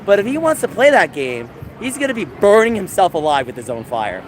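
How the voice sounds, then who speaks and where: A man livestreaming from outdoors, talking to chat in an animated, mocking, sarcastic way. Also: high-pitched, fairly quick. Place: outdoors in a busy public area. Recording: outdoor street noise with passing vehicles.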